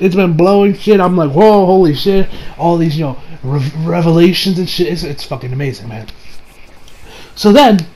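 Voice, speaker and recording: A man giving a casual anime episode review, excitable and swearing, recapping scenes with mock quotes. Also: high-pitched, rough recording.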